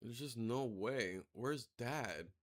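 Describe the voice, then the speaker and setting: A man's voice: mid-range voice, slow. A man giving casual, rambling let's-play commentary, swearing freely and turning sarcastic as he reacts to the story. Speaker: gameplay commentator.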